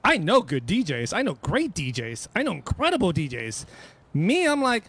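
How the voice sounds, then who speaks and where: A man's voice: high voice, moderate pace, slightly rough. A middle-aged man chatting casually as a DJ guest, telling stories with lots of repeats and restarts. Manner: animated storyteller, repeats himself. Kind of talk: casual chat.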